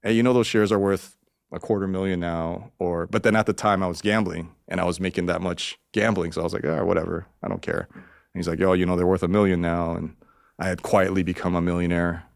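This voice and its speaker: Guy in his 40s rambling and cussing thru stories, gravelly voice, dry sound. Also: sits low, little pitch movement, quick pace, dry recording. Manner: rambling, profane, acts out quotes in raised voice. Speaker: podcast guest. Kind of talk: casual storytelling interview.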